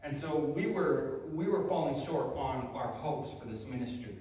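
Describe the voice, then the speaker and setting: A man's voice: mid-range voice, expressive, normal speed, mellow. A male pastor preaching a sermon in a conversational, self-deprecating storytelling manner. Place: church sanctuary. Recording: echoey hall from far off.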